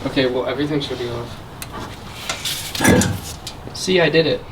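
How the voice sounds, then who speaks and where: A man's voice: mid-range voice, moderate pace. A man co-hosting a car vlog in a home garage, explaining the job in an easygoing, self-mocking way. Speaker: vlog co-host. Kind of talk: casual chat explaining car work. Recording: noisy garage, tool clicks.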